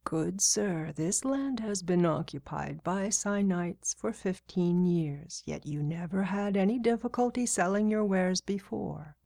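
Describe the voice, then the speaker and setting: A woman doing a calm, wise old man. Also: on the low side, unhurried, gravelly, hardly any pauses, no room sound, clean studio sound. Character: calm, wise old male tribal speaker.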